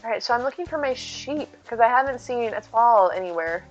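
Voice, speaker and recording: A woman's voice: on the high side, expressive, a little fast. Chatty woman streamer, slightly muffled. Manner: chatty, thinks aloud, answers chat. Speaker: game streamer. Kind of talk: casual live-stream chat while gaming. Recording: slightly muffled with faint game music.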